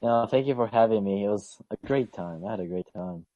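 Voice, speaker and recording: A man's voice: lowish voice, brisk, mellow, dry recording, muffled recording. Shy young man with short replies. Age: young adult. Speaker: podcast guest. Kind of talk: casual chat.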